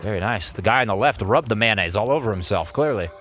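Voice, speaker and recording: Playful, animated man streaming a game. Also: on the low side, quick pace, soft background music. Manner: playful, animated, jokes with chat. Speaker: let's play streamer. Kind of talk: live-streamed gameplay commentary.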